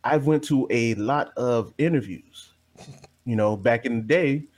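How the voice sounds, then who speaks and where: A man from New Jersey co-hosting a podcast, telling stories animatedly, laughing loudly and swearing freely. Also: medium pitch, measured pace. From New Jersey, USA. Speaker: podcast co-host. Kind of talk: casual podcast banter, storytelling.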